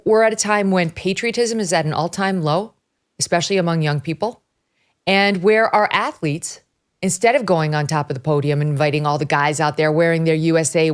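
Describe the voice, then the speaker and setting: A middle-aged woman from upstate New York hosting a talk show, animated and emphatic, laughing as she talks. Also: sits low, smooth. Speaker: host. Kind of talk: casual conversational commentary.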